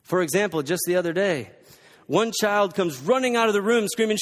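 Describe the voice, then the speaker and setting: A man's voice: high-pitched, brisk. A man preaching a sermon, reading scripture and pressing his points with emphatic, repeated exhortations. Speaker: pastor. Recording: long reverb from a large hall.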